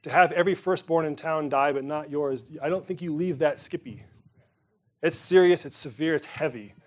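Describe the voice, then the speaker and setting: A man preaching a sermon to his congregation in a conversational way, turning emphatic on some phrases and dropping quiet on others. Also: a little high, normal speed. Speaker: pastor.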